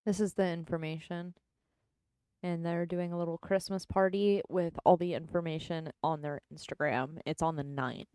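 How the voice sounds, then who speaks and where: A woman with a fairly low voice co-hosts a casual livestream. She talks briskly and keeps pushing the others to get on with it. Her voice sounds dry and close. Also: fairly even intonation, a little mellow, clear, resonant tone, dry recording. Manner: brisk, hurries the others along. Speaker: co-host.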